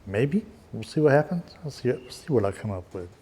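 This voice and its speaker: A DIY car repair vlogger chats casually while fixing a car outdoors, rambling a bit in a folksy workshop style as he works. His medium-pitched voice is animated, fairly quick, slightly mellow and husky.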